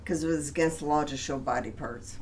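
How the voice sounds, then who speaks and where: A woman's voice: low voice, fairly quick, a little mellow, breathy edge. A woman co-hosting a podcast in casual chat, teasing her co-host with dry quips.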